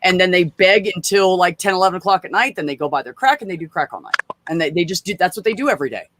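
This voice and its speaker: A man's voice: sits high, animated, fast, background noise. A man in casual chat, telling stories bluntly with plenty of swearing. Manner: blunt, profane storyteller.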